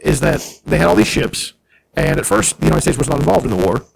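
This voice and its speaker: Fast-talking gravelly podcast man. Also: medium pitch, very animated, a little hiss or hum, poor audio. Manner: rambling, profane, telling history tangents. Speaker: podcast co-host. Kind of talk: casual crude banter.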